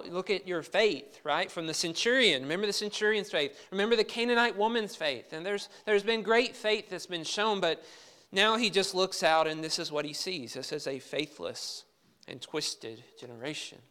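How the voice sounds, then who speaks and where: A man's voice: on the high side, pushed and bright, clear, resonant tone. A man preaching a sermon as pastor, talking in a conversational way with rhetorical questions and reading scripture with emphasis.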